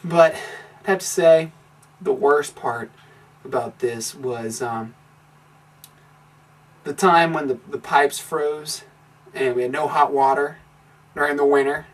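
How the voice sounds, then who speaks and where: A man's voice: a little high, slow pace, long pauses. A young man chatting with his housemates in a plain, matter-of-fact way about what he disliked. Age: young adult. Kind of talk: casual chat. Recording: distant mic.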